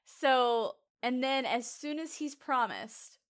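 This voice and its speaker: A woman with a slightly high voice co-hosts a casual podcast. She talks with eager enthusiasm, restarting sentences and laughing between thoughts. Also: lively intonation, slow. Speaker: podcast co-host. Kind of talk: casual chat.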